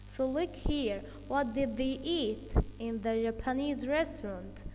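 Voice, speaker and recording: A woman teaches English to children in a high, slow voice. She explains each point carefully and checks in with "okay" along the way. Her voice carries a long reverb. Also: a little mellow, slight background noise. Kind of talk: online English lesson for children.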